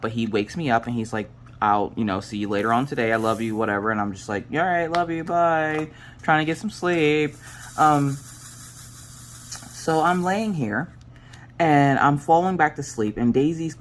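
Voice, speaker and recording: Low-voiced woman, crackly morning voice. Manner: animated storytelling, swears casually. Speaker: crafting vlogger. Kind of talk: casual chat while crafting.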